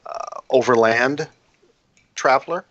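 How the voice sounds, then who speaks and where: A man voicing a guarded woman scout in a tabletop game, speaking in a hesitant, halting way. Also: medium pitch, fairly bright tone, no room sound, muffled recording, pitched above the performer's own voice. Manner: hesitant, halting delivery with restarts. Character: wary young woman scout, guarded and dry.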